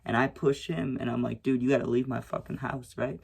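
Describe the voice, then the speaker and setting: A man's voice: medium pitch, steady tone, a little fast, vocal fry, slightly rough. A young man rambling through a casual storytime, tagging lines with "right?" and swearing freely. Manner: rambling, frequent "right?" and "you know what I'm saying"; swears freely, acts out shouted quotes.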